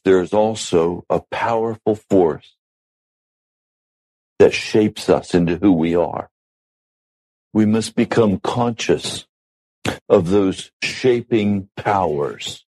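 Slow, deep-voiced male preacher. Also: dark tone, rough recording. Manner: measured, deliberate storytelling. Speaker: pastor. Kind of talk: sermon.

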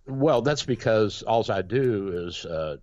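Deep-voiced rambling male radio host. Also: animated, takes it slowly, darkish tone, dry recording. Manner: rambling storyteller with many restarts and fillers. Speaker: radio show host, doctor. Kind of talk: casual radio chat. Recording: dry, dull lo-fi radio sound.

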